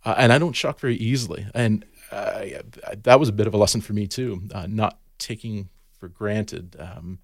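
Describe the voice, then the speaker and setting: A man's voice: lowish voice, normal speed, few pauses, no echo, clean studio sound. A man, a garden educator, talking casually as a podcast guest and telling stories with lots of restarts and fillers. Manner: storytelling, many restarts and fillers.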